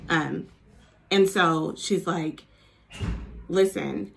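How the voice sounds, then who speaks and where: A woman's voice: fairly low pitch, lively intonation, moderate pace, slight background noise. A woman chatting casually as she recaps a reality TV episode, full of "like" and "you know", now and then acting out cast members in a mock New Jersey accent.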